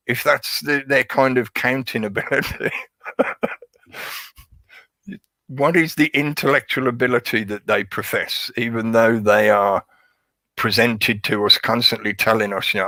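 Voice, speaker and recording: A man's voice: mid-range voice, fairly even intonation, measured pace, vocal fry, long pauses, sharp tone, no room sound. A man hosting a live stream, rambling casually and sarcastically, laughing often.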